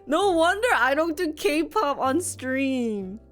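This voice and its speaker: A woman's voice: high voice, big pitch swings, slow pace, a bit bright, faint music behind. A young woman chatting casually on a live stream, giggly and talkative, dropping in Korean words. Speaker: livestreamer.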